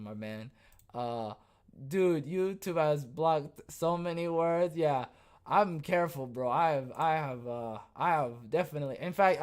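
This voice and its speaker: A podcast host riffing sarcastically on the news during a live show, animated and quick to laugh. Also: mid-range voice, smooth. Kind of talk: live news commentary chat.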